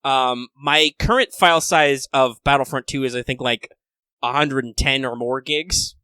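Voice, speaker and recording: A man with a bright, forward voice chats casually as a podcast co-host. His talk is animated and full of swearing. The sound is dry and close, with no room. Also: medium pitch, clear, resonant tone, no room sound. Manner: animated, swearing, quick impressions. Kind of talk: casual chat.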